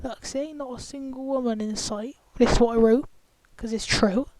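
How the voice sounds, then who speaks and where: A woman's voice: fairly high pitch, steady tone, normal speed, a little mellow, dry recording. A woman ranting in an angry, profane, confrontational vlog commentary. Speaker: vlogger. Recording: clicky, glitchy, noisy screen-recorder audio.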